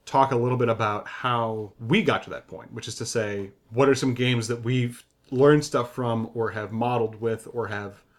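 A man's voice: mid-range voice, steady tone, moderate pace, few pauses. A man co-hosting a podcast about game design, talking through his ideas with many restarts and self-corrections. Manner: thinking aloud, frequent restarts and self-corrections. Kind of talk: casual design discussion.

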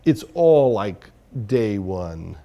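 A man's voice: fairly low pitch, very animated, extremely slow, creaky, warm tone. A man speaking as an interview guest, a filmmaker and comedian talking candidly and self-critically, thinking aloud.

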